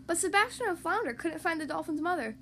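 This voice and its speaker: A woman hosting a podcast and reading a picture book aloud for young children, with expressive storytelling. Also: very high voice, fast talker, a little hiss or hum. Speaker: podcast host and reader.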